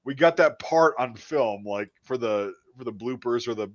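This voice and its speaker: A man casually chatting as a podcast host, swearing often and trailing off into quiet mumbles. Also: medium pitch, lively intonation, moderate pace, dull audio. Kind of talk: casual chat.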